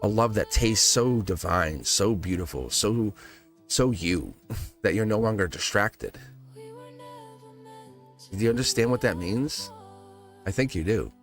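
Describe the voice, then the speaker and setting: A man giving a live-stream tarot reading, teasing and animated, laughing often and acting out quotes. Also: on the low side, a little slow, long pauses, soft background music. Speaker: tarot reader.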